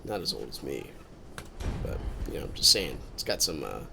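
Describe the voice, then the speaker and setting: A man's voice: very deep voice, sing-song, normal speed, creaky, noisy background. A man streaming a game with casual commentary, rambling and thinking aloud as he drifts into musings.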